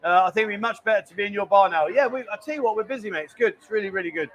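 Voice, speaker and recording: A man with a rather high voice hosts a casual live stream from a busy bar. He chats loosely, cracks jokes and reads out viewers' messages. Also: racing, a bit bright, slight background noise.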